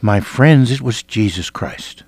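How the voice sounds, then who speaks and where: Older man preaching with hushed, earnest swings. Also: fairly low pitch, animated, measured pace, breathy edge, no echo. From Iowa, United States. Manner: earnest, dramatic shifts between loud and hushed. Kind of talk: sermon with personal testimony.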